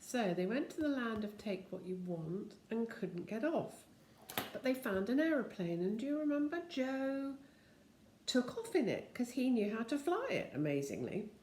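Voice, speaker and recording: A woman's voice: fairly high pitch, very animated, moderate pace, a little mellow, slight background noise. Older woman, homely storybook reader with chatty asides, echoey room. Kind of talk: reading a children's book aloud.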